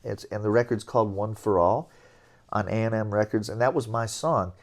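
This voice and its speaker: A man's voice: on the low side, normal speed. Middle-aged man telling jazz stories. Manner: animated anecdotes, chuckling, scatting melodies. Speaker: interview guest, jazz trombonist. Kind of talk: relaxed storytelling.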